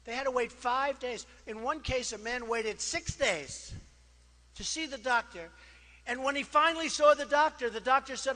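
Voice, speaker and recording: A man's voice: very high-pitched, moderate pace, bright, forceful tone. An older man giving a campaign rally speech, boastful and repetitive, talking in asides and repeating phrases for effect. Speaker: political candidate.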